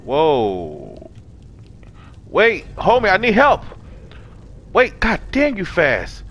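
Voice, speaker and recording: A man commentating a horror game, excitable and profane, yelling and gasping at each scare. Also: high-pitched, extremely slow. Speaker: gaming YouTuber. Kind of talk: horror let's play commentary.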